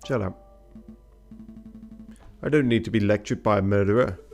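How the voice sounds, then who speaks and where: A man's voice: lowish voice, normal speed, darkish tone, soft background music, close to an everyday voice. A man voicing a proud, touchy bird lawyer who sounds exasperated and flustered. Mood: frustrated.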